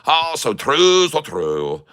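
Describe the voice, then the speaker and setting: A man's voice: a little high, huge pitch swings, slow, fairly bright tone, smooth, heavily acted. A man putting on a mock Irish accent, talking as a playful Irishman with a sing-song, up-and-down cadence.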